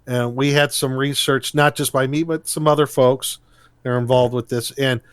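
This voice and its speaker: A man's voice: medium pitch, steady tone, normal speed, clear, resonant tone, no echo. Rambling, laid-back podcast co-host man. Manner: rambling, restarts often, laughs easily. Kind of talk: casual chat about tabletop games.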